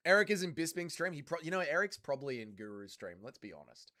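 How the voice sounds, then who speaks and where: A man's voice: a little high, lively intonation, fast, hardly any pauses, bright, forceful tone. A young Australian man hosting a livestream, chatting casually and crudely while reading out viewer comments. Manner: blunt, crude, joking. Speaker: livestream host.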